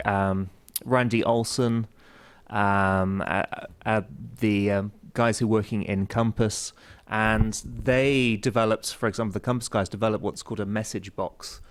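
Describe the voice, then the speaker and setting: A man answering questions on a panel discussion, hesitant, with many fillers and restarts; he teaches classes. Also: lowish voice. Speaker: university teacher.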